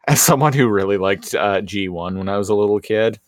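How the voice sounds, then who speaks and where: Low-voiced stammering man chatting. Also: no echo, clean studio sound. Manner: stammering restarts, chuckles. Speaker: podcast co-host. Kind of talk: casual chat.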